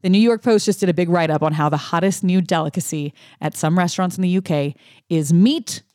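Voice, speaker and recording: A woman co-hosts a podcast in relaxed conversation, her delivery dry and deadpan. The sound is close and dry, with no room around it. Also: lowish voice, fairly quick, dry recording. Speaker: podcast co-host. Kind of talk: casual podcast chat.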